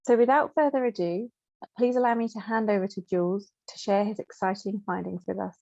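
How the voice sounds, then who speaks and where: A British woman chairing an event, giving a measured, scripted introduction of the speaker. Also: medium pitch, fairly even intonation, gravelly, warm tone, no room sound. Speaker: session chair, host. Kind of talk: formal introduction. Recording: dull lo-fi sound.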